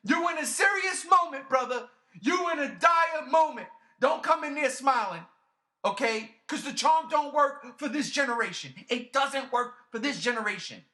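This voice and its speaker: Man, high voice, bright and sharp, animated rant, casual review chat. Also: normal speed. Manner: animated ranting with profanity.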